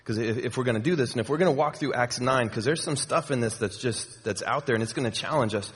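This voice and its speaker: Casual preacher in a reverberant church hall. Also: male voice, mid-range voice, fast talker. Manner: conversational, with many fillers and repeats. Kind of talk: sermon. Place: church sanctuary.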